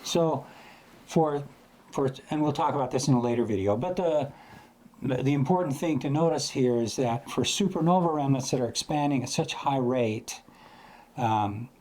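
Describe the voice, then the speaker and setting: A man's voice: mid-range voice, darkish tone. Chatty man explaining astrophotography. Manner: loose, chatty, imitates sounds to explain. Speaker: astrophotography educator. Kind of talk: casual explanatory lesson.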